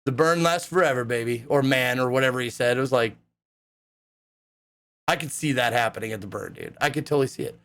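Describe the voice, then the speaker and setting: A man's voice: medium pitch, brisk, pauses often. A young man casually telling stories to a live chat, rambling and swearing with lots of fillers. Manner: excitable, profane, rambling with many fillers. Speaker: live streamer.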